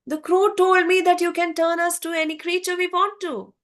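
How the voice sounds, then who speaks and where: A woman's voice: very high-pitched, level tone, moderate pace, pitched above the performer's own voice. A woman voicing a self-pitying male swan who complains about his lot, in a told fable. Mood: complaining. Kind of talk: storytelling with voices.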